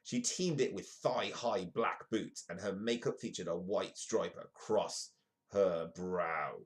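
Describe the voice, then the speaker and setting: He's a man from the United Kingdom who hosts a comedic live news show, breaking from newspaper stories to toss in jokes. He talks at a slow pace in a low-sitting voice.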